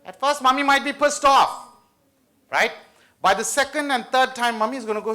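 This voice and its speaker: A man giving school students a lively study-skills talk, playful and often asking the audience questions. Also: very high voice, fairly quick. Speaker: motivational study-skills speaker.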